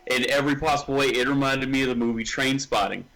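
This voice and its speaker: A man's voice: mid-range voice, steady tone, fast talker, a bit bright, low-quality recording. A man co-hosting a casual horror movie podcast, rambling with many restarts. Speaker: podcast co-host.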